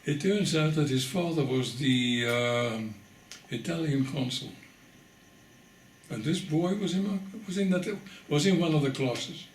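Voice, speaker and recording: Gravelly older man recounting his story. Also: on the high side, a little slow, echoey room, a little hiss or hum. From Netherlands. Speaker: interviewee. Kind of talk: oral history testimony.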